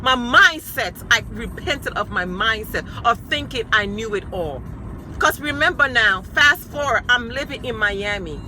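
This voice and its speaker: A woman's voice: fairly high pitch, sharp tone, a little hiss or hum. A woman sharing her personal testimony with emphatic, repeated declarations, speaking of her faith and her sons. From New York.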